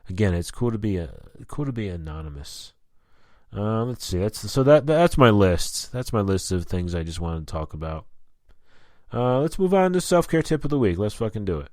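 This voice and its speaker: Male podcast host, low voice, dry close sound, casual and profane monologue. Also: very animated, moderate pace, a little mellow, no echo. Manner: profane, rambling and candid. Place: lives in Albuquerque.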